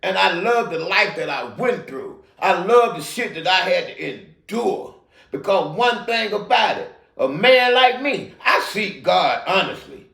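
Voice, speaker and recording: An older man rambles and preaches, swearing freely. His voice sits high and gravelly, with a roomy echo around it. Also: expressive, a little slow, pushed and bright. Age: middle-aged or older. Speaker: host of a recovery talk show. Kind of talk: unscripted monologue.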